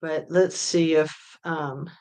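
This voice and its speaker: A woman with a somewhat low voice talks loosely to her live viewers. She rambles, fills her pauses with ums and uhs, and reads out comments as a true crime host. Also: steady tone, darkish tone. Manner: chatty, rambling with many fillers. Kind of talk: casual chat with live chat readers.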